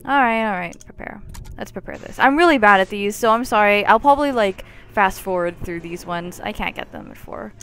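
A young woman giving casual commentary while playing a game, chatty and jokey with sudden loud outbursts. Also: mid-range voice, a little fast, a little hiss or hum. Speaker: let's play gamer.

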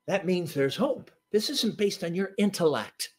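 A man preaching in a fairly high register, leaning hard on key phrases and then dropping to a near hush. He tells his stories with loose fillers and asides, keeping the sermon moving between teaching and anecdote. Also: lively intonation, unhurried, few pauses. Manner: emphatic preaching with sudden swings between loud and hushed.

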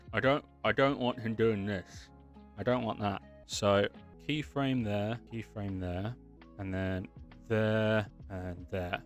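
A chatty man giving a casual screen-share tutorial on his animation work, explaining each step and thanking his viewers. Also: medium pitch. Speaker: creator walking through his animation work.

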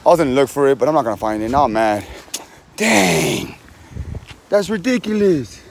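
A man's voice: mid-range voice, very fast, noisy background. A young man casually vlogging in a backyard while doing yard work, rambling and joking at his own expense in chatty slang, filmed on a phone. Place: outdoors in a backyard.

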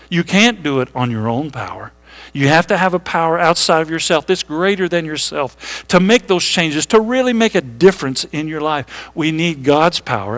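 A man preaching a sermon to his congregation in a church, talking to them directly, asking them questions and slowing down to read scripture. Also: fairly high pitch, fairly bright tone. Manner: conversational preaching, reads scripture slowly, asks congregation questions. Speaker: pastor. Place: church sanctuary.

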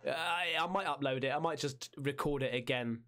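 A man with a croaky, hoarse voice from a chest infection, chatting in a lively, rambling way as he hosts a game livestream. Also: mid-range voice, fairly quick. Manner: lively, rambling, loud hyped greetings. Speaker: streamer. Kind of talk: casual livestream chat.

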